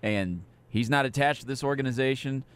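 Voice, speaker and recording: A man's voice: medium pitch, brisk, fairly bright tone, clear, resonant tone. A middle-aged man hosting a sports radio show, chatting casually about baseball in a rambling, self-deprecating way.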